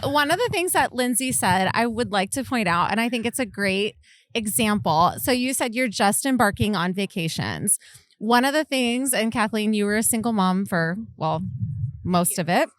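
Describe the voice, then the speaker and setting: A woman's voice: medium pitch, animated, normal speed. A woman hosting a podcast, chatting casually and asking her guests open questions. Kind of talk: casual chat.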